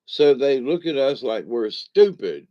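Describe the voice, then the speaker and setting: A man's voice: medium pitch, sing-song, unhurried. A man, talking in a folksy, meandering monologue that wanders between topics. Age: 60s. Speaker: vlogger. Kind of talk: rambling casual monologue. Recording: dull lo-fi recording.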